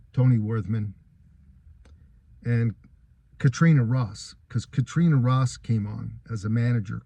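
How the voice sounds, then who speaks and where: A man's voice: mid-range voice, vocal fry, mellow, husky. A man giving a first-person account of his court case, earnest and aggrieved, telling what happened step by step.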